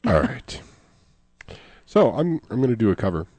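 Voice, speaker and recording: Man, host, casual playful chat, animated intonation, dry close mic. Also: lowish voice, moderate pace, dry recording. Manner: playful, jokey. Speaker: podcast host.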